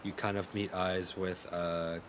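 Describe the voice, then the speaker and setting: A man narrates a tabletop game as game master in a casual, loose way, leaning on "like" as he goes. His voice sits on the low side, and faint typing noise comes through. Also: little pitch movement, a little slow, a bit bright. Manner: casual, many "like" fillers.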